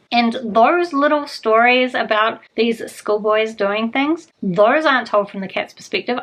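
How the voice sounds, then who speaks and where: A woman's voice: fairly high pitch, fairly bright tone, low-quality recording. A woman talking casually in a reading vlog, rambling and chatty, often correcting herself mid-sentence. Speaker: book vlogger.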